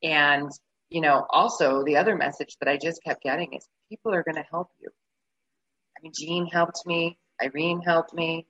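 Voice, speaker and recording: A woman with a bright, forceful but husky voice recounts a personal story in a relaxed interview, pitched a little low. She is animated and slips into the voices of the people she describes. The recording sounds dull and lo-fi. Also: moderate pace. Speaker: guest. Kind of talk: casual conversational storytelling.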